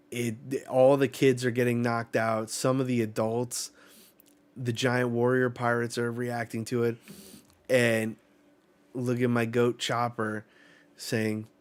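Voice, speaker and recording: A man hosting a live manga reaction, reading the panels aloud and reacting with excited swearing. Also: medium pitch.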